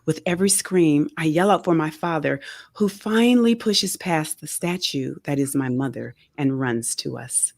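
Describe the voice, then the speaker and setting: Gravelly low-voiced woman reading aloud. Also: dry recording, clean studio sound. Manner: measured, expressive reading. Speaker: author. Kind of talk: reading a memoir excerpt aloud. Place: radio studio. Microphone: studio microphone.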